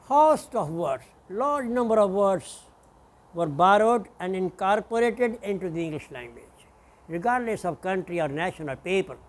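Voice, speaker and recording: A man lecturing as a professor, speaking deliberately and spelling out example words letter by letter. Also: high voice, expressive. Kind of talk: classroom lecture.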